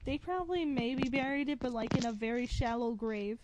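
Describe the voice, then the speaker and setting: A woman's voice: a little high, moderate pace, background noise. A woman co-hosting a podcast in casual chat, laughing often and reacting with short exclamations. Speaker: podcast co-host.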